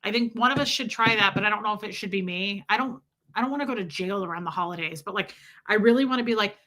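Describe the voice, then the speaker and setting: A woman hosting a casual livestream, reading out viewer comments and telling stories in a profane, animated way. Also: medium pitch, fast. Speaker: livestream host.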